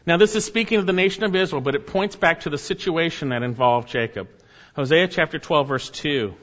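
A man preaching a sermon, asking rhetorical questions and repeating key phrases, his voice swinging from high and loud to low and quiet. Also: a little fast. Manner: repeats key phrases, rhetorical questions, rises and drops sharply in pitch and volume. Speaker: pastor. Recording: dull sound in a hall with long echo.

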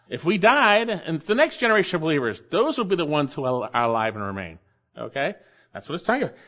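Emphatic higher-voiced male preacher. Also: a bit bright. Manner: emphatic, repeats key phrases for stress. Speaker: pastor. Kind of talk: expository sermon. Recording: dull lo-fi sermon recording.

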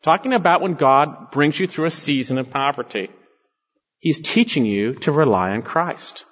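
A male pastor preaching a sermon with emphatic stresses, dropping low on key words. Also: lively intonation, moderate pace, a bit bright, slightly rough. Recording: long hall reverb, dull lo-fi sound.

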